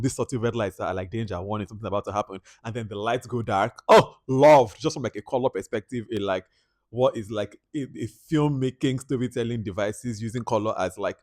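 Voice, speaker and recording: A man's voice: on the low side, no room sound. Chatty male film reviewer, dry sound. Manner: chatty, animated, heavy use of "like". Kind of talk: casual spoken movie review.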